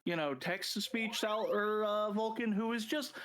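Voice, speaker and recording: Guest dude in a stream chat, stumbles and restarts a lot, laughs, slightly high voice. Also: male voice, normal speed, fairly bright tone. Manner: stammering restarts, laughing, profane. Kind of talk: casual chat.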